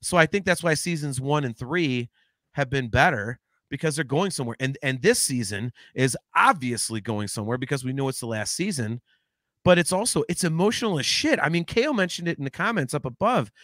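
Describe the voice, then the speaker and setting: A man co-hosting a podcast in casual chat, talking in an animated, rambling way with lots of restarts and swearing. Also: medium pitch, fairly quick, no echo, studio quality. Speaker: podcast co-host.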